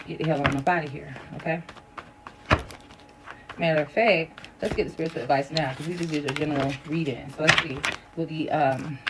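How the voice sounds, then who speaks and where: Chatty, blunt woman doing a tarot reading. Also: heavy background noise. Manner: chatty and blunt, cusses while venting, animated rises in pitch. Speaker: tarot reader. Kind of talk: casual tarot reading to viewers.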